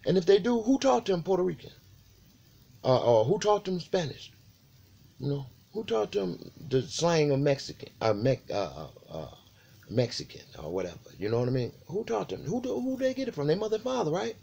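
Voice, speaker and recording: A man delivers a loose, rambling monologue and fires off rhetorical questions. His voice is gravelly and warm, and his pitch swings widely as he pushes his points. He swears freely and keeps coming back to the listener. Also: sing-song, brisk. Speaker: video channel host. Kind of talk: casual monologue to camera.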